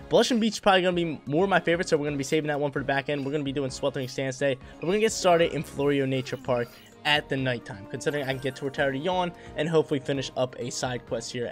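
A young man with a medium-pitched voice hosts a gaming channel, delivering casual, excitable gameplay commentary packed with slang. He talks directly to the creatures on screen.

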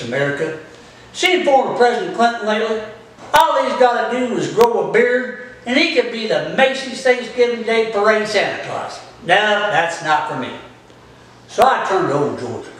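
A man's voice: sits high, big pitch swings, normal speed, fairly bright tone. A man hosting a comedic folksy monologue, joking with viewers and talking to his dog, recorded from a distance in an echoey room. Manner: folksy, jokey, addresses viewers directly.

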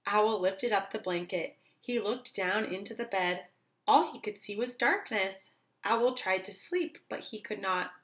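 A woman teacher reading a children's book aloud, slowly and clearly for young children. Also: mid-range voice.

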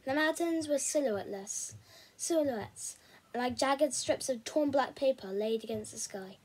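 A woman reads a novel aloud at a steady, measured storytelling pace. Her voice sits high, with a breathy, husky texture. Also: rough recording. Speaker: reader. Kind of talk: storybook reading.

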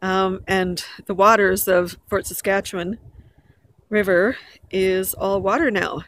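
A woman's voice: medium pitch, fairly even intonation, slow, a bit bright. A woman chatting casually to her camera while walking and jogging outdoors in a park, a little out of breath, rambling and correcting herself. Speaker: vlogger. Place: outdoors in a park by a river bridge. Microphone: handheld camera. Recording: noisy outdoor camera audio.

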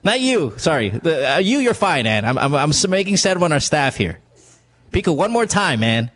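A man's voice: fairly high pitch, sing-song, moderate pace, fairly bright tone. A man hosting a radio advice show, joking and teasing his callers and staff. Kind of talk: casual advice chat with callers.

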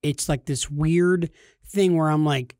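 A man in his thirties, a podcast co-host, telling a funny story casually and jumping into high, shouty voices when he quotes people. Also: steady tone, takes it slowly, dry recording, clean studio sound.

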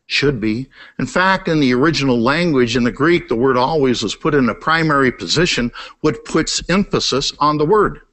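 A middle-aged man preaching a sermon, emphatic, repeating key words, climbing high for emphasis and then dropping low and quiet. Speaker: pastor. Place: church sanctuary.

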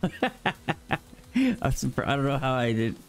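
A man giving casual, excitable, profane gameplay commentary to himself from a small room at his computer. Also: medium pitch, slow pace, soft background music. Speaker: gamer.

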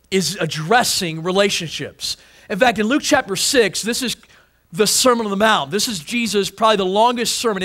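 A pastor preaching a sermon, emphatic, repeating phrases and restarting words. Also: male voice, high voice, a bit bright.

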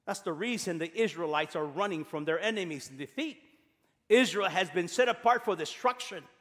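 A male pastor preaching an animated, emphatic sermon. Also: high-pitched, a little fast. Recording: long church reverb.

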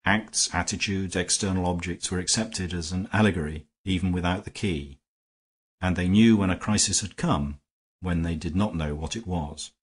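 A male audiobook narrator reads in a measured, steady manner. His voice is low and noticeably husky, never bright or crisp. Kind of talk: scripted narration.

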